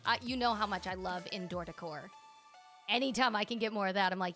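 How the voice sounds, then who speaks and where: A woman streamer commenting excitedly on a game, gushing and thinking aloud as she tours player-made spaces. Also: mid-range voice, brisk, soft background music.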